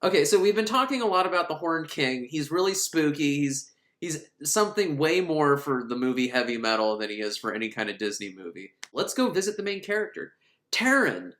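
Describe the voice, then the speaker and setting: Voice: mid-range voice, sing-song, fairly quick, fairly bright tone, echoey room. A film reviewer recapping a movie in a casual, sarcastic, comedic way, often laughing.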